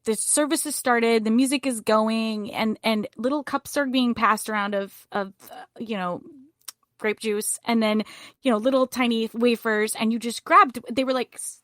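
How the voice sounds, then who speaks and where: A middle-aged woman telling a personal story as a podcast guest, vivid and animated. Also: fairly high pitch, moderate pace, no room sound, studio quality.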